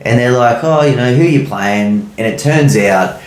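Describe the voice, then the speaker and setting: A man's voice: medium pitch, moderate pace, reverberant. A man with an Australian accent co-hosting a casual podcast, telling long rambling stories with plenty of swearing. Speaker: podcast co-host.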